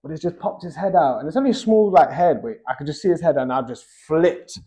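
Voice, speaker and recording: A man's voice: fairly high pitch, expressive, fast, mellow. A young Australian man telling a rambling story in casual chat, dotting his talk with "like" and "bro".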